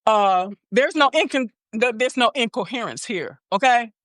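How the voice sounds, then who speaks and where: Animated woman host saying "okay?". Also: on the high side, moderate pace, no room sound, studio quality. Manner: peppers talk with "okay?". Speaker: podcast host. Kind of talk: casual interview chat.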